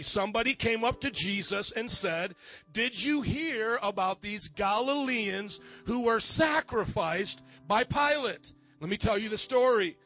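Very high-voiced man preaching fiery sermon. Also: a bit bright. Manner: emphatic, calls out for congregation responses. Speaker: pastor. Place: church service before a congregation.

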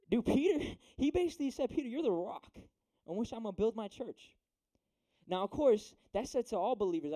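A man's voice: high voice, mellow. A young man giving a casual youth sermon, slangy and chatty, often checking in with "right?". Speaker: youth preacher.

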